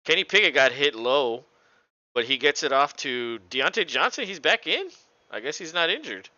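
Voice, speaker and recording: A man with a very bright, smooth voice calls the game play by play in a loose, joking way. He laughs a lot and curses freely. The audio is dull and lo-fi, like a home stream. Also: on the high side, normal speed, no echo. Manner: relaxed, laughs often, swears freely. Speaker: co-host doing play-by-play. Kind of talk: casual play-by-play commentary.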